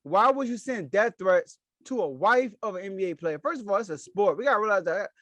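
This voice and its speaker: Emphatic high-voiced man on sports. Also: animated, a little fast, a bit bright, no room sound. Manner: emphatic, repeats key phrases. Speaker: sports podcast host. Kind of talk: solo sports opinion commentary.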